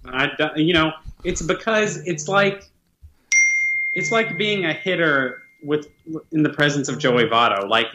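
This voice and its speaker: A man's voice: a little high, measured pace, very noisy. A man co-hosting a casual podcast, teasing his partner with dry humor. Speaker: podcast co-host.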